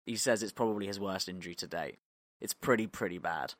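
A man co-hosting a podcast, telling a story in a loose, animated way, acting out quotes and laughing often. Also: deep voice, brisk, dry recording. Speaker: podcast co-host. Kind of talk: casual storytelling chat.

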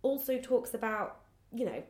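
A woman's voice: a little high, moderate pace. A woman co-hosting a podcast, casually recapping a book and acting out its quotes as she goes. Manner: animated storytelling, acting out quotes. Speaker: podcast co-host. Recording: roomy echo.

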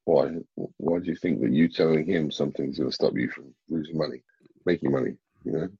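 A man's voice: a bass voice, fairly quick, vocal fry, dark tone, slightly rough, no echo, lo-fi sound. A man talking as a bodybuilder guest in a casual interview, blunt and swearing freely.

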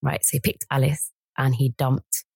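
Chatty young female co-host, gravelly low tone, close dry sound. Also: level tone, moderate pace, darkish tone, no echo. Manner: chatty, retells a story with quoted voices. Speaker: podcast co-host. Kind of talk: casual chat, storytelling.

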